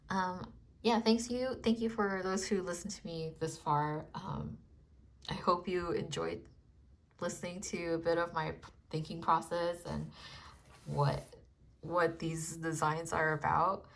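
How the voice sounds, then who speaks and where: A woman artist chatting casually about her design process, soft-spoken and hesitant, with many fillers. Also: on the low side. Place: home in Los Angeles.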